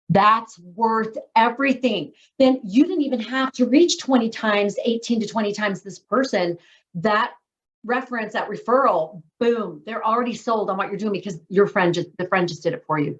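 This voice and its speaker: A woman's voice: medium pitch, a little fast. A woman hosting a writers' training call in a casual, enthusiastic way, with emphatic asides. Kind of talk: casual video-call discussion. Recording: dull lo-fi call audio.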